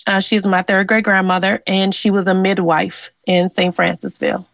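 A woman's voice: medium pitch, moderate pace, gravelly, dry recording, low-quality recording. A woman from Louisiana in an interview, earnestly telling a personal story about her family and ancestors. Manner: earnest and animated, with fillers. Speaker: interviewee, genealogist.

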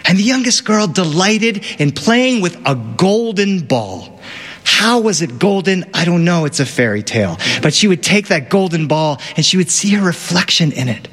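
A man telling a fairy tale to an audience in a playful, animated way, with asides to the listeners. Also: sits high, normal speed, long reverb tail. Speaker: storyteller. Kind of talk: live storytelling to an audience.

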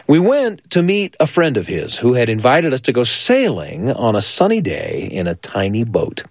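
A male host introducing a story, then calmly recalling a childhood memory. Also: fairly low pitch, dry recording, clean studio sound. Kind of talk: reflective scripted narration.

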